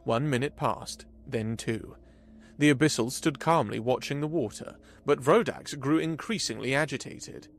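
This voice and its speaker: A man giving an expressive scripted narration of a sci-fi story. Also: medium pitch, moderate pace.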